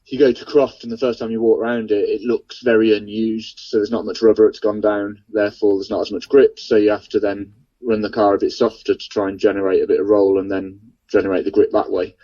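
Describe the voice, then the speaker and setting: A racing driver calling in by mobile phone, explaining car setups in a relaxed way. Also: male voice, fairly low pitch, fairly quick, no echo. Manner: relaxed, explanatory, laughs easily. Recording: dull mobile phone line.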